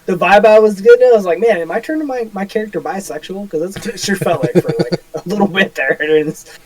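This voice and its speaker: A man's voice: high voice, fast talker, poor audio. A young man co-hosting a podcast in casual chat, a playful, joking storyteller. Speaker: podcast co-host.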